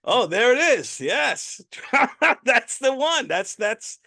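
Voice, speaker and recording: A man's voice: very high-pitched, sing-song, slow, gravelly, sharp tone. A man hosting a podcast, reacting enthusiastically to his guest's story and laughing readily. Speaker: podcast host. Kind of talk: casual chat.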